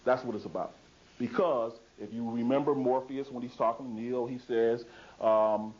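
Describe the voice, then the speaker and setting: A man's voice: medium pitch, steady tone, moderate pace, darkish tone. A man giving a public lecture in an emphatic, repetitive way, asking rhetorical questions and answering them himself. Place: lecture hall. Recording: dull lo-fi 2000s video recording.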